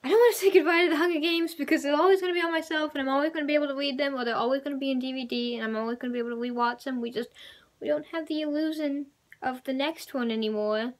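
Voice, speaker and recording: A young woman vlogging a casual trailer reaction, rambling and excitable with lots of fillers. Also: sits high, racing.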